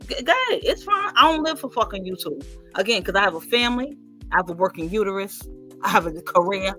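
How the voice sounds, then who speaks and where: A woman hosts a casual gossip stream, cursing freely and acting out what others said. She speaks in a bright, sharp voice. Faint music plays underneath. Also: medium pitch, quick pace. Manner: animated, profane, mimics others' voices. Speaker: host.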